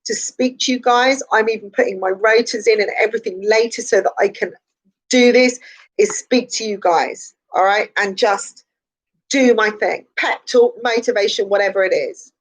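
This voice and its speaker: A woman speaks as a psychic in a casual morning live stream, her voice slightly hoarse. She talks in a chatty, repetitive and encouraging way and laughs often. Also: medium pitch, normal speed, poor audio.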